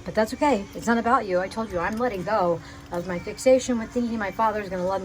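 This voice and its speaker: A young woman recording a pleading, emotional video message to her father, agitated and halting, often restarting her sentences. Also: mid-range voice, faint music behind, low-quality recording. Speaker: vlogger addressing her father.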